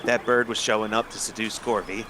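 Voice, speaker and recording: A man's voice: fairly low pitch, steady tone, fairly quick, sharp tone, slight background noise. A man playing a tabletop game, joking in slangy speech. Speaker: player.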